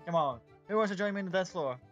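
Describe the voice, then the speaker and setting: A man voicing a cheerful, showy male gnome bard with a high, playful, boisterous voice, in a muffled lo-fi recording. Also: expressive, racing, faint music behind.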